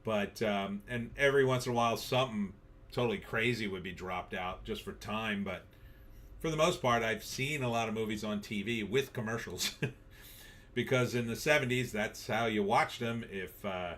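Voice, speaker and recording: A man's voice: fairly low pitch, normal speed, a bit bright. Wry middle-aged man reading chat. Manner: reads viewer comments aloud and riffs on them, wry and offhand. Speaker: live-stream host. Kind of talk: casual live-stream chat.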